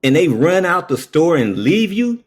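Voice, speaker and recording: A man telling a story in a casual monologue. He checks in with "okay?" after nearly every phrase and jumps up in pitch when he acts out quoted voices. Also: very animated, breathy edge. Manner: slow, keeps saying "okay?" between phrases.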